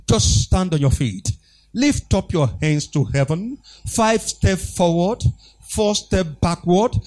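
Male pastor, high voice, sweeping animated pitch, call-and-response preaching. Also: takes it slowly. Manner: exhorting, call-and-response with the congregation; emphatic, repeats phrases. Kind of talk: preaching a sermon.

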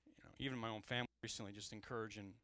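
Male pastor, bright, forward tone, dry close sound, candid and animated sermon delivery. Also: on the low side, very fast, dry recording. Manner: candid and animated, swinging between loud and hushed.

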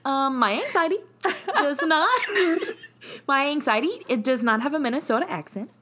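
A woman co-hosting a casual podcast, chatty and jokey, quick to laugh. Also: high-pitched, animated, a bit bright. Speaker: podcast co-host. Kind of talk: casual chat.

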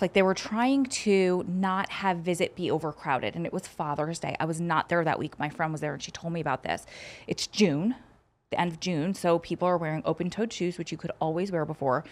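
A woman co-hosts a casual podcast and tells stories in an animated, rambling way. Her voice sits on the low side for a woman. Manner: animated storytelling, quick tangents. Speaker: podcast co-host. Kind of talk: casual chat.

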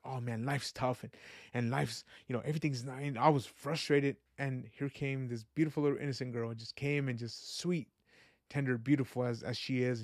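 In clean, echo-free studio audio, a male podcast host with a medium-pitched voice delivers a casual personal monologue. He muses in an earnest, wandering way, faith-minded and reflective, peppering his talk with "like" and "you know."

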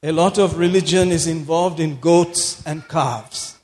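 High-voiced preacher man in a reverberant hall. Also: measured pace, a little mellow. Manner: emphatic, repeats phrases for effect, laughs often. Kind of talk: sermon. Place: church hall.

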